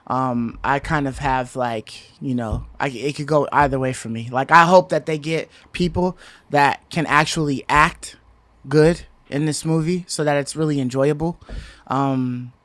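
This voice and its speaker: Brief: man in his thirties, podcast co-host, mid-pitched, rambling chat, dry close sound. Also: fairly bright tone, dry recording. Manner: rambling, many fillers and restarts.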